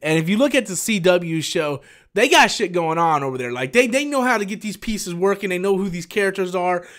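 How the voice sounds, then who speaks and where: A man with a fairly high voice answers viewer questions on a casual live stream. He rambles, gets animated and swears freely as he talks. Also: brisk.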